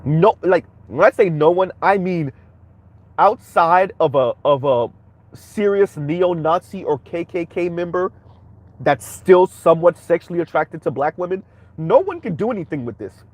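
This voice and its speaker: Guy doing a reaction stream, kinda high voice, blunt and fired up, talking right at chat. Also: expressive, moderate pace, no echo. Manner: blunt, heated, addresses viewers directly. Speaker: commentary channel host. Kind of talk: reaction commentary.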